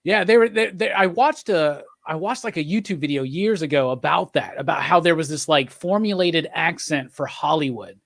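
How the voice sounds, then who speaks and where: A man's voice: a little high, moderate pace, vocal fry, few pauses, a bit bright, no echo. An American man hosting a live chat show, joking around in a loose, chatty way. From United States. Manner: joking, chatty, swears casually. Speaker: show host. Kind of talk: casual chat on a live stream.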